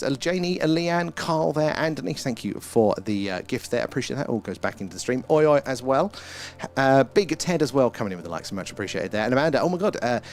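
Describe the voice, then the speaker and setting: A man's voice: mid-range voice, a little hiss or hum. A British man hosting a casual live stream, chatting, greeting viewers by name and swearing mildly. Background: faint ambient music.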